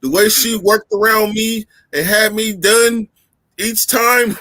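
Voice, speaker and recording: A man hosting a casual chat, telling animated, profane stories in slangy speech. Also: sits high, takes it slowly, no room sound. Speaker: podcast host.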